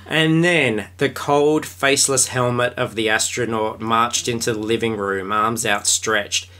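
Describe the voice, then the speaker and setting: A man hosting a podcast, reading a book aloud in a dry deadpan way with sarcastic comments in between. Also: medium pitch. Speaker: podcast host. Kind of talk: comedic book reading and chat.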